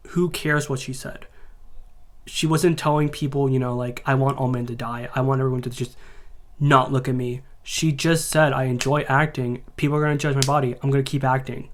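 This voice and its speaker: A man's voice: medium pitch, fairly even intonation, brisk. A man reacting to a video in casual commentary, sarcastic and mocking.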